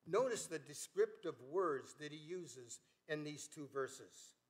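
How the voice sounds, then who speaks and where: An older man, a pastor, preaching a sermon in a church, earnest and emphatic, rising on key words and dropping low at the ends of phrases. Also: lively intonation, slow pace. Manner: earnest preaching with emphatic rises and soft drops. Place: church sanctuary.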